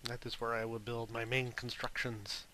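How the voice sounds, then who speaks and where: Bright-voiced, rambling gaming guy. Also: mid-range voice, flat delivery, normal speed, slight background noise. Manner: rambling, jokey, self-mocking. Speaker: let's play host. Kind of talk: casual gameplay commentary. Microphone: desk microphone.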